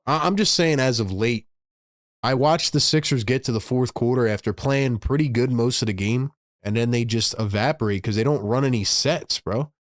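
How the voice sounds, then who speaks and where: A man's voice: medium pitch, normal speed, no echo, clean studio sound. A man hosting a live fan broadcast, calling the plays and scolding the team in exasperation. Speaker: host calling live play-by-play. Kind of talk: fan play-by-play and rant.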